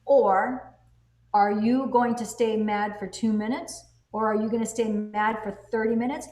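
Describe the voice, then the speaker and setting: A woman's voice: fairly high pitch, fairly even intonation, a little slow, a little mellow. A woman hosting a casual teaching conversation, speaking emphatically and firing off rhetorical questions that she answers herself. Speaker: host reviewing a self-help book. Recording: roomy echo.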